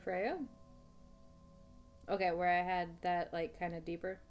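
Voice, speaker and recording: A woman's voice: fairly low pitch, little pitch movement, a little slow, faint music behind. A woman livestreaming a game, chatting playfully with her viewers and laughing often. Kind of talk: casual let's-play chat.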